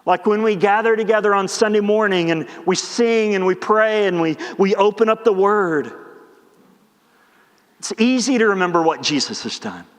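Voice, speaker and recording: Male pastor, sermon, chatty delivery that acts out scenes, high-pitched, reverberant church sanctuary. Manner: conversational preaching, acts out the disciples in quick asides. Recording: long church hall reverb.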